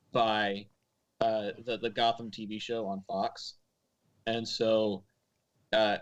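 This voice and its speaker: A man co-hosting a podcast, talking casually and rambling a little. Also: mid-range voice. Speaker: podcast co-host. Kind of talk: casual panel chat.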